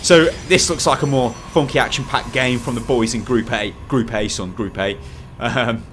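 A man's voice: normal speed, fairly bright tone, a little hiss or hum. A man casting a strategy game match, joking around and laughing. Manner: jokey, bursts into laughter and high-pitched yelps. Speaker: esports commentator. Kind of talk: playful game commentary.

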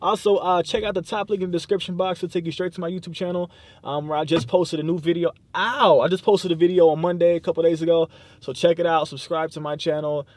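A man's voice: fairly high pitch, flat delivery, fast talker, darkish tone, no room sound. Slangy young man vlogging from his car. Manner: loose slangy rambling, heavy use of "like", cursing. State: tired, sleep deprived. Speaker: YouTube vlogger. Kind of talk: casual vlog talk to camera. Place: inside a parked car.

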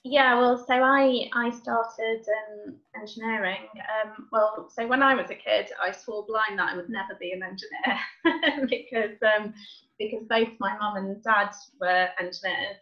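A woman guest on a video call, speaking thoughtfully with hesitant pauses. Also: mid-range voice, fairly even intonation. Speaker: guest, broadcast engineer. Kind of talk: casual interview chat. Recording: dull lo-fi sound.

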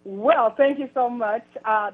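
A woman's voice: fairly high pitch, slow pace, soft background music. A woman calling in as a guest on a talk show, friendly and modest, heard over a telephone. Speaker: phone-in guest. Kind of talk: phone interview. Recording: dull phone-line sound.

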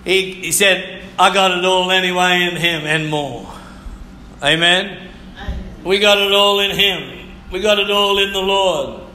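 A man preaching a sermon as pastor, fervent and repetitive, now and then breaking into shouts and snatches of song. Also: high voice, measured pace, roomy sound, a little hiss or hum.

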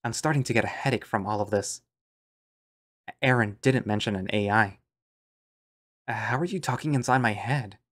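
Low-voiced man narrating in first person. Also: normal speed, long pauses, a bit bright. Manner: musing, understated.

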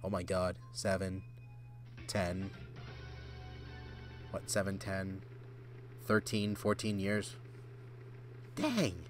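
A man streaming live gameplay, reacting excitedly, yelling and laughing at the game. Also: sits low, takes it slowly, pauses often, soft background music. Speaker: gaming streamer.

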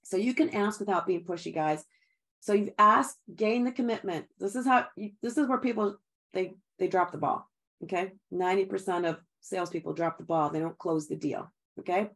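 A woman's voice: mid-range voice, moderate pace, fairly bright tone. A middle-aged woman giving an upbeat sales training talk, chatty and encouraging, often laughing and calling her listeners guys.

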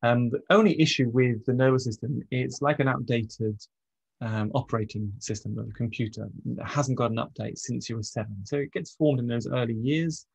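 Gravelly-voiced man explaining calmly. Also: mid-range voice, brisk, no echo, rough recording. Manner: relaxed, conversational, many ums and restarts. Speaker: trauma coach. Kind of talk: casual teaching monologue.

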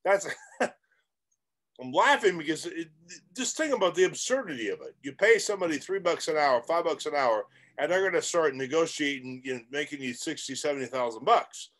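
A man's voice: fairly high pitch, expressive, fairly quick, hardly any pauses, fairly bright tone. A middle-aged man coaching real estate investors straight to camera, emphatic and rambling, with self-aware jokes. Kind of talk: direct-to-camera coaching monologue.

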